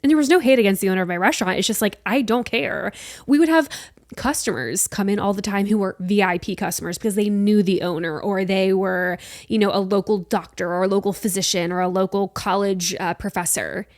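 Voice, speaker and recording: A woman's voice: mid-range voice, a little fast, dry recording, studio quality. A young adult woman hosting a solo podcast, talking bluntly and emphatically and swearing freely. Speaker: podcast host.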